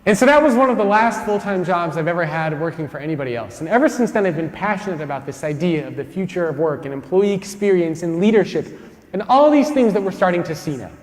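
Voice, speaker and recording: A man giving a conference keynote, telling stories with lively acted-out quotes on a stage mic. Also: high voice, fast, big-room sound. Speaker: keynote speaker. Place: large conference hall.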